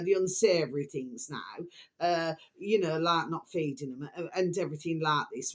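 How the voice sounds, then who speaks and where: A woman ranting to her viewers in a vlog, swearing heavily and rambling with constant fillers. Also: low voice. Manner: swears heavily, keeps calling viewers her delicious little babies; rambling, filler-laden, repeats "okay" and "there we are". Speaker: video blogger.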